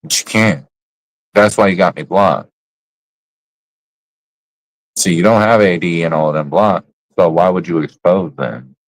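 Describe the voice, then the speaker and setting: A man with a low voice rants live to his stream in blunt, profane slang. His talk is casual and full of trash talk. The sound is dry and close, with no room echo. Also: measured pace, pauses often. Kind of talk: casual livestream rant.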